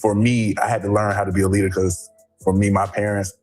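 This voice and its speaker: A man talking in a halting, reflective way as a reality show contestant, with many fillers, in a clip with music underneath. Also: fairly low pitch, little pitch movement, a little mellow. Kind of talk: casual reflective talk.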